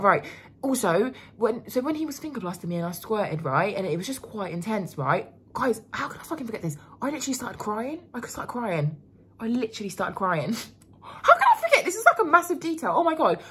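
A woman's voice: medium pitch, slight background noise. A young woman, rambling candidly in a casual vlog, full of fillers and swearing. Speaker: vlogger.

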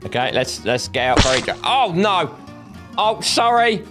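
A high-pitched, excitable man narrates a silly game roleplay as a taxi driver, yelping at every crash and jump. Light game music plays under his voice. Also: unhurried. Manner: excitable, playful, frequent yelps and exclamations. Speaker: narrator and lead voice.

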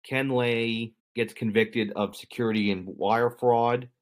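A young adult man co-hosts a podcast, explaining things at length in a rambling, self-correcting way laced with dry humor. His voice is medium in pitch, fairly even in intonation, and a little slow. It's casual explanatory chat.

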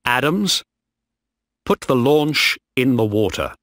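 A man's voice: mid-range voice, big pitch swings, takes it slowly, fairly bright tone, no room sound, clean studio sound, exaggerated voice. A man reading a defiant, determined ship officer. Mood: commanding. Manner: earnest, determined.

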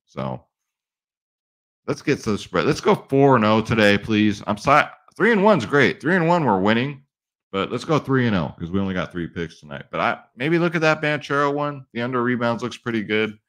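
Brash low-voiced man hyping bets. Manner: brash, swears freely, whoops loudly. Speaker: sports betting picks host. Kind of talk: casual hyped-up vlog talk. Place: sparse home studio with bare walls.

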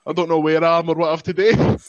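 A man with a Scottish accent chatting as a podcast guest, joking and rambling in a self-mocking way. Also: fairly high pitch. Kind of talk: casual chat. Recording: lo-fi, dull sound.

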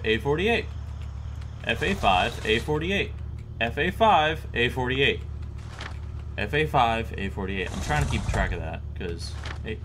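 A man's voice: mid-range voice, a bit bright. A young man narrates his own game play, muttering license plates over and over and chatting with the characters he meets. He sounds a little jumpy and talks to himself as he goes, with a faint hiss in the background. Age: young adult. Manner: chatty, repeats plates aloud, nervous. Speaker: gaming YouTuber. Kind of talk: live game commentary.

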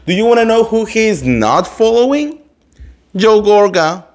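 Guy dishing gossip, animated, keeps acting out quotes, calls everyone girl. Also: high-pitched, normal speed. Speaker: host. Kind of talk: casual gossip chat.

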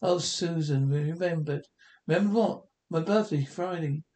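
A man's voice: on the high side, normal speed, warm tone, lightly acted. A man reading the part of a timid, downtrodden housewife in an amateur script reading, hesitant and apologetic.

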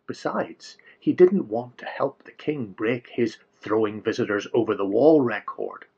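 A man telling a story to children in an animated, playful, exaggerated way, on a dull lo-fi recording. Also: medium pitch, unhurried, creaky, husky.

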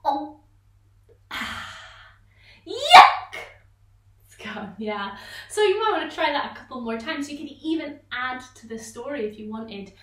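A woman tutor leading children through an online vocal warm-up, encouraging them and breaking into loud sound-game exclamations. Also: high voice, lively intonation, a little fast, distant mic. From Scotland. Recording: echoey room, voice a little off-mic.

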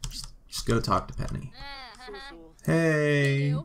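A man's voice: fairly high pitch, slow pace. A man giving casual, joking let's-play commentary as he plays a life-sim game and talks to its characters. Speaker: gaming video host.

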